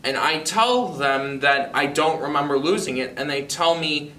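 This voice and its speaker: A seventeen-year-old young man from North Carolina tells a personal story, halting and amused, with frequent restarts. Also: a little high, sharp tone, reverberant, distant mic. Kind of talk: personal anecdote told to camera.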